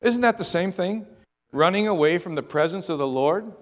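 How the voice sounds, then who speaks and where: A man's voice: sits high, animated, moderate pace, in a large hall. A male preacher delivering a sermon in a conversational way, repeating words and asking rhetorical questions.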